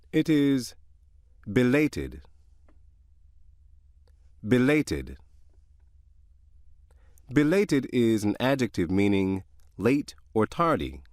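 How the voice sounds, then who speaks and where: A man reading vocabulary definitions aloud with example sentences, in a measured, deliberate way. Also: on the low side, a little mellow, no echo, studio quality. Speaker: narrator reading word definitions.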